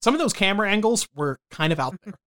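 High-voiced podcast dude, deadpan jokes, lots of uhs. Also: male voice, fast talker. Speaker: podcast co-host. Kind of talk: casual comedy chat.

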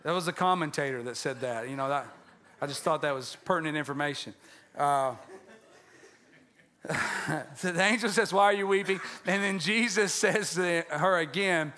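A male pastor with a high, bright voice delivers a loose, conversational sermon. He jokes with the congregation and doubles back on his words as he goes. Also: moderate pace. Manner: conversational and joking, with frequent restarts and repeated words.

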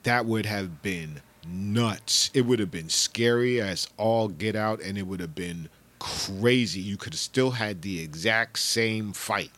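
A middle-aged man hosting a podcast, rambling in casual chat, laughing and swearing, with bursts of shouted impressions. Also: fairly low pitch, measured pace, few pauses. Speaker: podcast host.

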